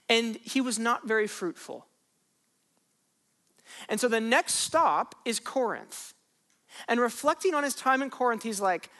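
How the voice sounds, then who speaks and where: With a slightly bright, mid-range voice, a pastor preaches in a conversational style. Rhetorical questions and repeated phrases drive home the emphasis.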